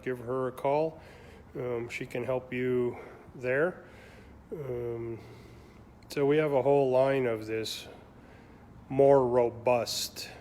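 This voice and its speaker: A man talks casually on his weekly live stream, loose and rambling, often stopping to hunt for words. His delivery is slow and fairly monotone. A faint hum of room noise sits behind him. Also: fairly low pitch. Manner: relaxed, rambling, many ums. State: has the hiccups. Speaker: shop owner hosting a weekly live stream.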